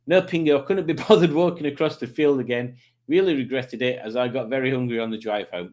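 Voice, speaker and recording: A livestream host chats casually while reading out viewer comments, rambling and joking with frequent ums and self-corrections. He speaks fairly quickly in a mid-range, darkish voice.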